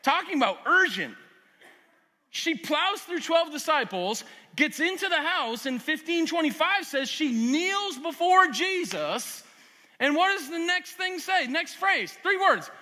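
A man preaching a sermon as pastor, swinging from loud urgent emphasis to quiet lowered asides. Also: sing-song, measured pace. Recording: long hall reverb.

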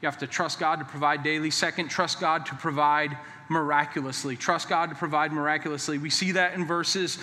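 A man preaching from the pulpit in a high, bright voice that carries a long echo through the sanctuary. He drives his points home by repeating them with force, then loosens up with quick jokes before turning serious again. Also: fairly even intonation. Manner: emphatic and repetitive, with joking asides. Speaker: pastor. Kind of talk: sermon. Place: church sanctuary. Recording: long reverb of a large hall.

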